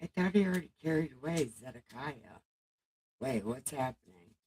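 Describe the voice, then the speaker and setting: A woman reading the Bible aloud on a casual livestream, halting over the text and breaking off into chatty, salty asides. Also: very deep voice, animated, a little mellow, husky, rough recording.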